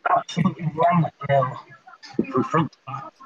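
Hobbyist guy on a group call, keen and chatty, a bit higher voice, dull audio. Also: moderate pace. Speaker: reef hobbyist showing his tank. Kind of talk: casual group video chat. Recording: muffled call audio with faint noise.

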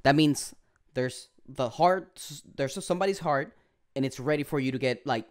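A man's voice: mid-range voice, moderate pace, no echo, clean studio sound. A man hosting an interview podcast, chatting in a laid-back way, swearing often and laughing. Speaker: podcast host. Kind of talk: casual interview chat.

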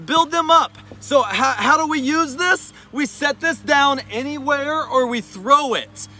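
Upbeat man vlogging dog training outdoors, high bright voice. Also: unhurried. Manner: cheerful, gives short sharp commands to his dog. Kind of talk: casual how-to vlog with dog training commands.

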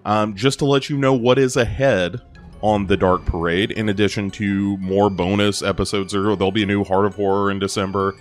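A man's voice: on the low side, little pitch movement, brisk, soft background music. A man hosting a podcast, wrapping up the episode in a chatty way, with many fillers. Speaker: podcast host. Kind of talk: casual podcast outro.

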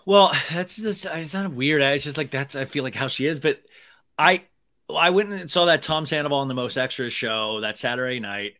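A man's voice: a little high, animated, moderate pace, sharp tone. A man chatting casually as a podcast guest, telling gossipy stories with lots of fillers and restarts. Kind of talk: casual chat.

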